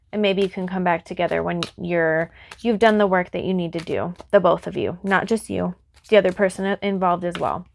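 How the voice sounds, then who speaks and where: A woman in the middle of a tarot reading, talking straight to her viewer in an earnest, reassuring voice at an ordinary middle pitch. She sounds close to tears. Faint noise and the soft clicks of shuffled cards sit behind her. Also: vocal fry. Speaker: tarot reader.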